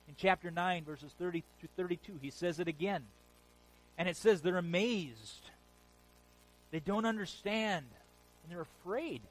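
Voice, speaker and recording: A man's voice: a little high, lively intonation, moderate pace, rough recording. A man preaching a sermon, telling stories with animation and repeating phrases for emphasis. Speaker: pastor.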